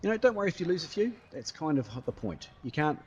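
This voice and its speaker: A man's voice: fairly high pitch, very animated, fast talker, muffled recording, a little hiss or hum. A man giving casual live commentary over his own gameplay, chatty and playful, tossing in sound effects and running remarks. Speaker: gaming YouTuber.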